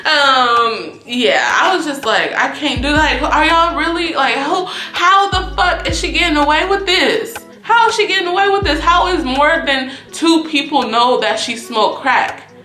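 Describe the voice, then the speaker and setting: A young woman tells a casual storytime in a bright, forceful voice, swearing freely and throwing her pitch high whenever she acts out what people said. The room echoes around her, with faint music underneath. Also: measured pace, hardly any pauses. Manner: animated, profane, acts out quoted dialogue with big pitch jumps. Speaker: YouTube storyteller.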